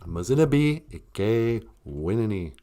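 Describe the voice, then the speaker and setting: A man's voice: lowish voice, big pitch swings, slow pace, warm tone. A man with a Minnesota accent, hosting a live stream in a casual, joking monologue, mocking people with put-on voices.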